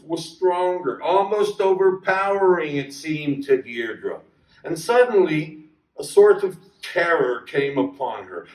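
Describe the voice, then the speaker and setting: A man reading a short story aloud to a reading circle in a measured, deliberate way. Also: on the high side, darkish tone. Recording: echoey room, distant mic.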